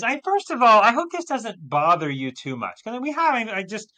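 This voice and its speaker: A man co-hosting a Bible lesson, explaining in a casual, animated way with emphatic stress. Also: sits high, moderate pace. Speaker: Bible teacher co-host. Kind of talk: casual teaching discussion.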